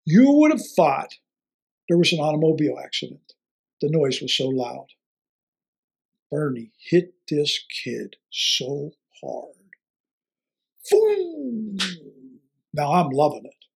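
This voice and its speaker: This older man, once a football coach, recounts a story during an interview with lively energy, performing each line of dialogue and frequently chuckling. His voice is on the high side and husky with some vocal fry, and he talks a little slowly.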